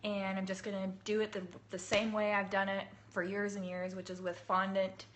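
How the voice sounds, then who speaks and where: A woman in her thirties, hoarse from a cold, chatting casually to viewers while she sets up her cake workshop on a phone livestream. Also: monotone, normal speed, a bit bright, slight background noise. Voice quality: husky, low. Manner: chatty, laughing, greets viewers by name. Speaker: cake artist hosting a livestream. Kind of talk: casual live-stream chat.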